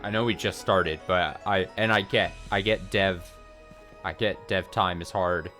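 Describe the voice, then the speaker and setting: A man's voice: deep voice, steady tone, measured pace, sharp tone, soft background music. A man in his thirties giving rambling, profane let's play commentary full of fillers and restarts. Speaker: streamer.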